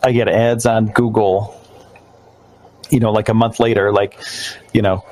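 A man's voice: lowish voice, little pitch movement, measured pace, a little mellow, low-quality recording. A man hosting a podcast, chatting casually, rambling with loose restarts and fillers. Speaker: podcast host. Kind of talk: casual live-stream chat. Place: New York.

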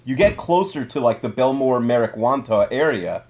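A man from Long Island co-hosting a casual podcast, teasing the others with deadpan jokes. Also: mid-range voice, moderate pace. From Five Towns, Long Island. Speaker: podcast co-host.

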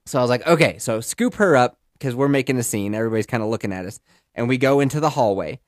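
A young man in casual podcast storytelling, rambling and jokey with lively bursts. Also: medium pitch, fast, dry recording, studio quality. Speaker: podcast host.

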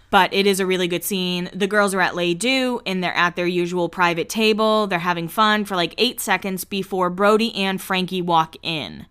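A young woman hosting a podcast, recapping a reality show in a gossipy, casual way with low asides. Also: moderate pace, a bit bright, smooth. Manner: chatty, gossipy, laughs often, drops into low asides. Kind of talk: casual chat.

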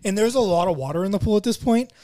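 A man's voice: high-pitched, animated, very fast, noisy background. A man co-hosting a casual podcast, telling a story loosely and swearing a lot. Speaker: podcast co-host, pool service worker. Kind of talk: casual chat.

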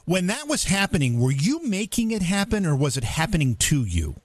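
A man hosting an interview, asking measured, probing questions with small restarts. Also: sits high, wildly swooping pitch, no room sound. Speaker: interviewer host.

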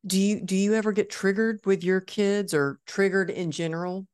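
A middle-aged woman hosting a podcast interview, asking gentle, probing questions. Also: medium pitch, steady tone, normal speed, smooth. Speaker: podcast host. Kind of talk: conversational interview.

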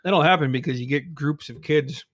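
Man, casual storyteller, profane and laughing, slightly high voice. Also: moderate pace, fairly bright tone, dry recording, studio quality. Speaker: podcast co-host.

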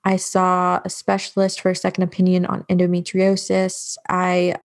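A woman speaks candidly on an interview podcast, her voice sitting low and fairly flat in tone. There is a gravelly fry through her words. She tells her story in a blunt, matter-of-fact way. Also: moderate pace. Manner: frank, matter-of-fact, with frequent fillers. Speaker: guest, bereavement doula.

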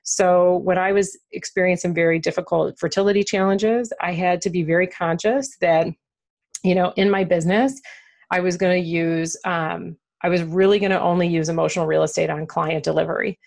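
A woman's voice: lowish voice, fairly even intonation, brisk, vocal fry, darkish tone. A woman author and entrepreneur talking candidly in an interview, laughing often and using lots of fillers. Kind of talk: conversational interview.

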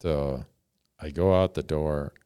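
A man with a very low, smooth and resonant voice spins a rambling story on a podcast, chuckling at himself as he goes. The sound is close and dry. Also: steady tone, takes it slowly, dark tone, no room sound. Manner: rambling, self-mocking, chuckles often. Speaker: podcast host telling a story. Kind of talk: casual storytelling.

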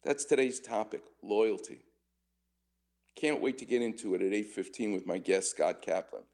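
A man in his sixties hosting a call-in radio show as a doctor, an animated storyteller who laughs often. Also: lowish voice, normal speed.

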